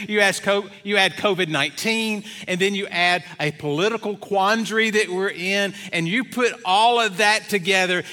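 A middle-aged man preaching from the pulpit of a church, with a high, bright voice. He tells homey stories and jokes in an easy, rambling way, full of "uh"s, and speaks into a stage mic. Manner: folksy storytelling with many fillers. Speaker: pastor. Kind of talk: sermon. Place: church sanctuary.

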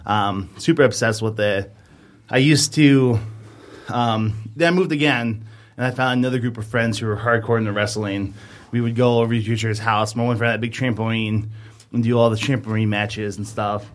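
A man's voice: lowish voice, fairly even intonation, normal speed. Rambling man telling stories, casual. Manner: rambling storyteller, many fillers. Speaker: podcast co-host. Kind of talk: casual chat.

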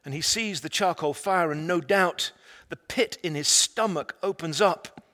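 A man preaching a sermon, retelling a story dramatically and swinging between loud, emphatic lines and hushed, quiet ones. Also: fairly high pitch, a little slow. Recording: long reverb of a large hall.

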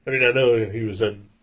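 Gravelly, husky male co-host; casual film chat, halting with fillers. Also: medium pitch, a bit bright. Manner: rambling, many fillers and restarts.

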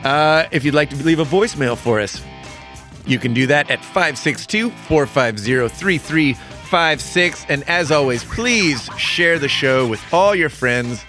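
Bright-voiced upbeat podcast host man. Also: on the high side, lively intonation, measured pace, faint music behind. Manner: upbeat, laughs often, reads out sign-off plugs. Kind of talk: casual podcast chat.

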